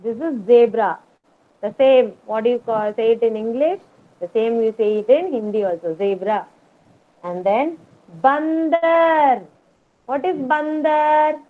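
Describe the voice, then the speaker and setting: A woman teaching a kindergarten class online, slowly and patiently repeating each word for the children to echo. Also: on the high side. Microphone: video call. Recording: tinny video call audio.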